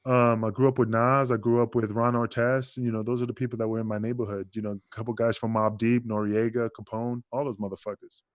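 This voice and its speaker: A wrestler from Queensbridge, New York, appears as a podcast guest, spinning stories in a casual chat as a profane, rambling, animated storyteller. He speaks fast at medium pitch with few pauses, and there is no echo.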